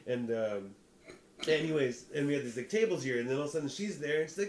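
A young man telling a rambling, animated story in casual chat, often breaking into laughter. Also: fairly high pitch, fast talker, slight background noise. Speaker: podcast co-host, comedian.

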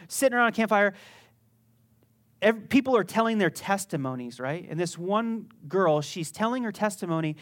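A man's voice: high voice, fairly bright tone. Man, middle-aged, pastor, sermon, conversational, humorous anecdotes, emphatic swells. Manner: conversational, jokey storytelling with rising emphatic peaks.

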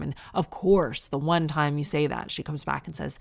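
A Canadian woman in her thirties chatting on her own in a relaxed monologue. Her voice sits fairly low with a gravelly, fried edge. Her humor is dry and self-mocking. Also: brisk, hardly any pauses. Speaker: podcast host and new mother. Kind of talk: casual monologue.

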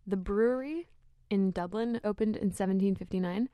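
A woman's voice: mid-range voice, normal speed, no room sound, muffled recording. Chatty woman telling playful tales. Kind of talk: casual snack-tasting chat.

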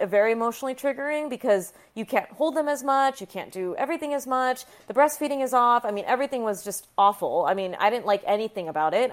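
A woman physician, in her thirties, telling a personal story frankly and emotionally, often restarting her sentences. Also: medium pitch. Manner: frank and emotional, with frequent restarts and some profanity.

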